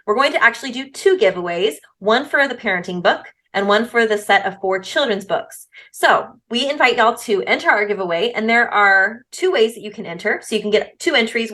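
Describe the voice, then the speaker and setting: A woman's voice: mid-range voice, a bit bright. A woman in her thirties co-hosting a podcast, talking casually and upbeat. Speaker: podcast co-host.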